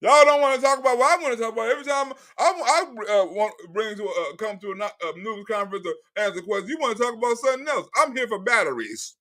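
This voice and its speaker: A man's voice: very high voice, fast, hardly any pauses, pushed and bright. A man putting on a cranky old male president who rambles, curses and stammers through restarts. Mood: irritable.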